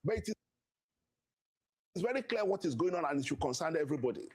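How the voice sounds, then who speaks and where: A man's voice: a little high, sing-song, rapid-fire, breathy edge. A man speaking as a party spokesman in an interview clip, insistent and repeating himself. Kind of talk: interview statement.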